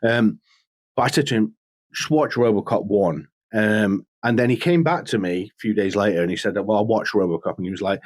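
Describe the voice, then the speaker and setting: A man co-hosting a casual podcast, an animated storyteller who laughs often and slips into impressions. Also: on the low side, a little fast, no room sound. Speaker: podcast co-host. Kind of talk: casual chat.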